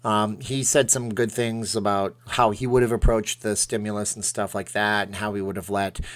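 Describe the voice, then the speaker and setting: A man's voice: fairly low pitch, flat delivery, normal speed, a bit bright. A man hosting a casual live stream from home, reading viewer comments aloud and answering them in a chatty, self-deprecating way.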